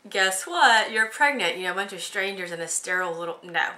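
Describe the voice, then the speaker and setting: A young woman chats away in a relaxed vlog, laughing as she tells her story and leaning on lots of "like" and "um". Her voice is bright and forward. The room around her rings with echo. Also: mid-range voice, a little fast. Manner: chatty, giggly storytelling with lots of fillers. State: pregnant. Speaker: vlogger. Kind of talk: casual chat.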